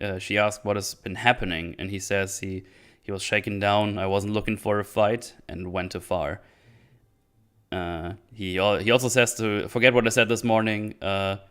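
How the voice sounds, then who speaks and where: A man hosting his own show, casually retelling scenes with filler words and quick quoted lines. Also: lowish voice, fairly bright tone, clear, resonant tone. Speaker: podcast host recapping a series. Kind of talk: casual chat.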